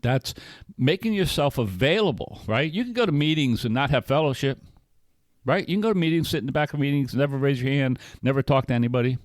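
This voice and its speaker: A man's voice: medium pitch, lively intonation, fast, no echo. A middle-aged man tells a personal story on a recovery podcast in an easy conversational ramble, circling back and asking "right?" as he goes. His voice sits mid-range, recorded dry and close. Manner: rambling, frequent restarts and "right?" tags. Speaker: podcast co-host.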